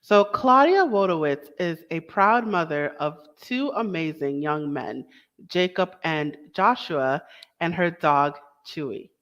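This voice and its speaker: A woman's voice: deep voice, expressive, takes it slowly, fairly bright tone, muffled recording. A young woman hosting a casual talk show, chatty and enthusiastic, with small asides and self-corrections. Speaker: host. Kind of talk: casual podcast introduction.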